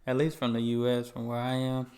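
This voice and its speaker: Relaxed American man reacting casually. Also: mid-range voice, a little fast. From United States. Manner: relaxed, chatty, laughs along. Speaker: reaction channel host.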